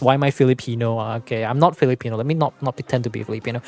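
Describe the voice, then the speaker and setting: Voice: mid-range voice, fast, a little mellow. Chatty game streamer, faint music. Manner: chatty, explains numbers, laughs often. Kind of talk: casual livestream chat.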